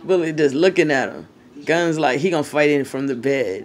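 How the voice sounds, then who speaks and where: A woman's voice: low voice, lively intonation, normal speed, darkish tone. A woman filming her dogs at play, chatting casually, laughing, and cooing at them. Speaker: dog owner filming her pets. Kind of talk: casual home video commentary.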